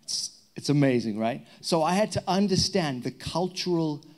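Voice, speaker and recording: Zimbabwean pastor preaching with humor. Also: male voice, fairly high pitch, normal speed. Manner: lively, humorous storytelling with prayer. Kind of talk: sermon. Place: church hall.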